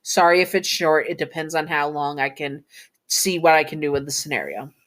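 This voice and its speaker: A woman's voice: low-pitched, normal speed, fairly bright tone. A woman narrating a fan fiction story in a casual, chatty way, with self-correcting asides.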